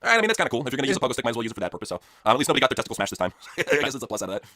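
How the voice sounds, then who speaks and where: A man's voice: medium pitch, very animated, rapid-fire, bright, forceful tone, no room sound. A man co-hosting a casual, crude, joking wrestling chat show. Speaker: podcast co-host.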